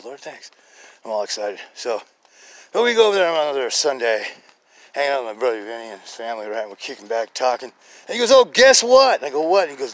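A man hosting a podcast, telling a faith testimony in rambling, casual talk. He laughs often, drops to hushed murmurs, and jumps into loud, excited quotes. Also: medium pitch. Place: outdoors in a neighborhood, birds and a dog nearby.

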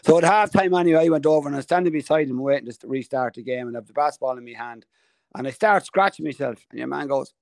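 A man's voice: on the high side, lively intonation, quick pace, creaky, dry recording. A man with an Irish accent, co-hosting a podcast and telling a funny story in casual chat. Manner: jokey yarn-spinner, laughs often. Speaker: podcast co-host.

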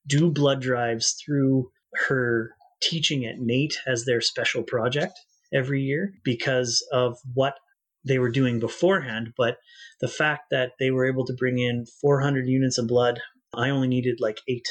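Husky man telling his story. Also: mid-range voice, steady tone, fairly bright tone. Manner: earnest, reflective, halting restarts. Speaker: guest. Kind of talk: personal storytelling in an interview.

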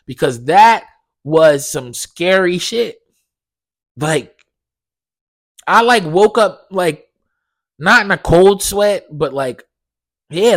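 A young man hosting a podcast, telling a dream story in a casual, animated way, swearing a lot and acting out the dialogue. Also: a little high. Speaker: podcast host.

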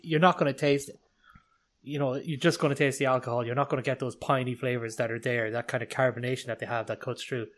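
A man with an Irish accent, co-hosting a casual beer-tasting podcast, thinking aloud and hedging as he weighs up his verdict. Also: mid-range voice. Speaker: podcast co-host.

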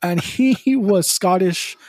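A man's voice: high-pitched, takes it slowly, darkish tone, no echo, studio quality. A man co-hosting a gaming podcast in casual chat, rambling and swearing, laughing often. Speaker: podcast co-host.

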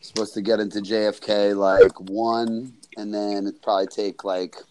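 A man from New Jersey joking in a relaxed way as a podcast guest. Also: fairly low pitch, moderate pace, a little hiss or hum. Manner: laid-back, joking. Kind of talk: casual crude banter.

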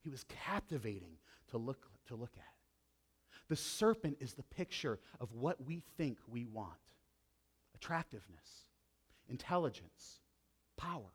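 A man preaching a sermon as a pastor, with dramatic swings between loud emphasis and hushed intensity. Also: a little high.

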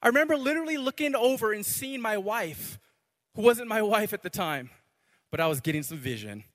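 A man preaching a sermon as pastor, animated, repeating words and swinging from loud to hushed. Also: high-pitched, a little fast. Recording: long hall reverb.

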